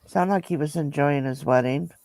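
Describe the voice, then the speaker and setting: A man's voice: on the high side, normal speed, a little mellow, no room sound. A man chiming in with short reactions during a casual chat. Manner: brief reactions, laughing along.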